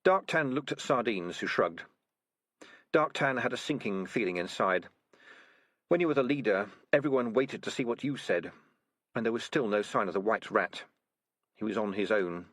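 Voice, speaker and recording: A man narrating a fantasy audiobook in expressive scripted storytelling. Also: on the low side, moderate pace, long pauses, no room sound, studio quality.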